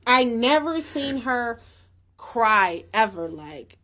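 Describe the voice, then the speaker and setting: A woman's voice: on the high side, slow. Supportive woman co-hosting a live chat. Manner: relaxed and supportive, lots of affirming. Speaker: livestream co-host. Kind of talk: casual chat.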